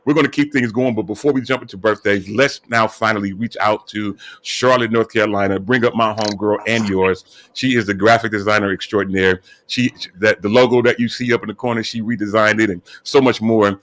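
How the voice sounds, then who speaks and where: A man with a fairly low voice hosts a casual online radio talk show. He is chatty and upbeat, greeting guests and giving shout-outs. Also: fairly even intonation, a little fast, few pauses. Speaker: host.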